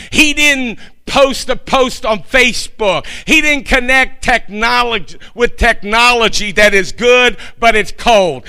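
A man preaching a sermon with fervor, building up to shouted passages and repeating phrases for emphasis. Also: very high-pitched, smooth, poor audio. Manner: fervent preaching, rising to shouts. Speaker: pastor.

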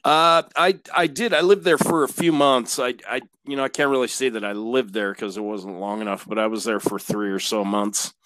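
A man being interviewed as a guest on a podcast, reminiscing in a relaxed way and swearing casually. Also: mid-range voice, dry recording. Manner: laid-back, drawn-out, swears casually. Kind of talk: casual chat.

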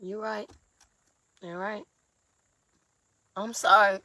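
A woman's voice: mid-range voice, little pitch movement, slow, bright, forceful tone, a little hiss or hum. A woman in an emotional confessional vlog, exhausted and sleepless, talking in raw, profane outpourings. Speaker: vlogger.

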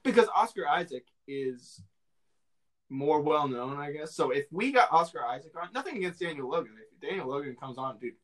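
A young man co-hosting a podcast in casual chat, animated and laughing often. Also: fairly high pitch, brisk. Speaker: podcast co-host.

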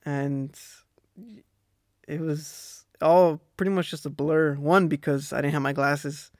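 A young man with a Texan accent telling a personal story on his podcast in a relaxed, rambling way, laughing often. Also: fairly high pitch, slow, no echo, clean studio sound. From Texas. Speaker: podcast host. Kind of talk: casual storytelling monologue. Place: Australia.

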